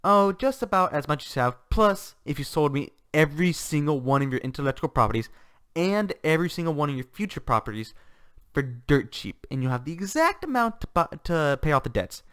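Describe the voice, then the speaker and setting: A man's voice: a little high, sing-song, brisk, a bit bright, clean tone. A man doing a smug all-seeing demon shopkeeper.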